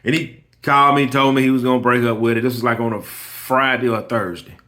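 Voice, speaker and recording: A man's voice: medium pitch, fairly even intonation, quick pace, bright, forceful tone. A man who runs a lawn care business, giving a motivational personal talk. He speaks emphatically, often restarts and repeats phrases, and tells a story with quoted dialogue. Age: adult with kids. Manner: emphatic, repeats himself, keeps saying "listen here".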